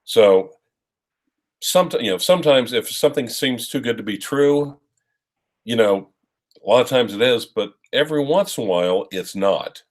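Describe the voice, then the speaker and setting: A man's voice: mid-range voice, animated, moderate pace. A man co-hosting a live stream, chatting casually and giving rambling advice with fillers. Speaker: co-host of a watch live stream.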